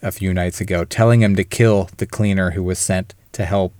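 A man's voice: low-pitched, fairly even intonation, normal speed, a little mellow, dry recording. A man co-hosting a casual film podcast, retelling a plot in detail and acting out the characters' lines. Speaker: podcast co-host.

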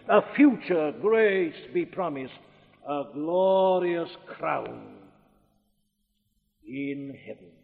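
A man with a Welsh accent preaches with fervour, his high voice climbing into loud declamations. The sound is thin and phone-like, as in an old archival recording. A long reverb hangs after each phrase, as in a large church hall. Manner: fervent, rising to loud declamation. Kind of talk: sermon.

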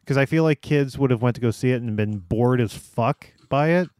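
A man co-hosting a podcast in casual chat, critical and a bit halting, swearing freely. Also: medium pitch, a little mellow, no room sound, clean studio sound.

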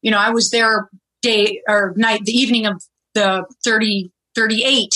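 A middle-aged woman, a guest on a podcast, telling stories in a lively way and laughing often. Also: mid-range voice, normal speed, low-quality recording. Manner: animated storyteller, laughs often. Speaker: guest, former reality show contestant. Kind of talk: casual podcast interview.

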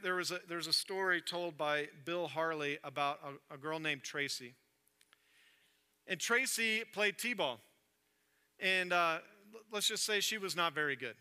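A man preaching a sermon in a church, telling a story with animated energy and dropping low and soft for emphasis. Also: clean tone. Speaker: pastor. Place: church sanctuary. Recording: long reverb of a church hall.

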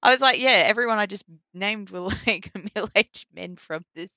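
A woman with an Australian accent, a voice actor chatting casually in an interview, full of likes and ums and quick laughs. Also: mid-range voice, pushed and bright, no echo, muffled recording. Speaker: voice actor guest.

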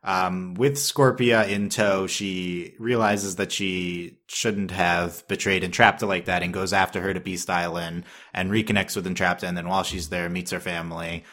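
A man with a deep, low-pitched voice chats loosely as a podcast co-host. He rambles, doubles back on his words and breaks into laughter often. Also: level tone, normal speed, hardly any pauses, fairly bright tone. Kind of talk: casual chat.

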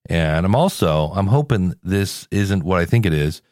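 A male podcast host, tired and sick with a cold, rambles casually through a solo episode and jokes at his own expense. His low, darkish voice has lively intonation at normal speed, recorded clean in a studio with no room sound.

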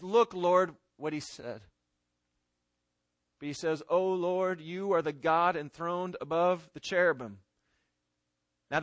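A pastor preaching a sermon and reading scripture, swinging between loud emphatic stress and hushed pleading. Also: male voice, high-pitched, dry recording.

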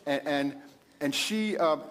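A middle-aged man hosting a casual talk about marriage, quoting scripture, animated with loud bursts and frequent laughs. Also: a little high, takes it slowly. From Italian heritage. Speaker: pastor and host. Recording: long hall reverb.

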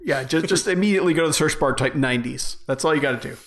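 A man's voice: fairly high pitch, racing. A man co-hosting a podcast in casual crude banter, wry and joking, drawling his punchlines. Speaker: podcast co-host.

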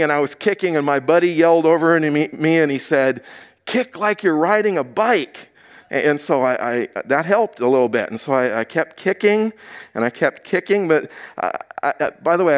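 A male pastor preaching a sermon, telling a personal story with lively quoted voices. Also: on the high side.

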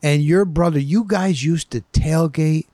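A man hosting a casual interview chat, prompting his guest with eager interjections and quick reactions. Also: on the high side, dark tone, dry recording. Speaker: podcast host.

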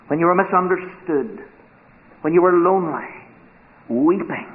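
A high-voiced man preaches slowly and solemnly, pressing each phrase and dropping to a near hush to drive it home. The sound is thin and tinny, like an old sermon tape. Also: lively intonation. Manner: slow, solemn, emphatic delivery with dramatic drops to a hush. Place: church.

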